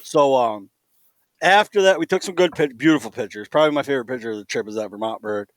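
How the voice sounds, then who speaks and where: Animated man telling a hunting story. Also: mid-range voice, fast talker, no room sound. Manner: animated, quotes people in lively voices. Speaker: podcast host.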